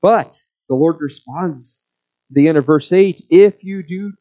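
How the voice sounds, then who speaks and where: A man preaching a sermon, explaining a passage verse by verse in a slow, measured way. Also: on the high side, dark tone, highs cut off. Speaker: pastor.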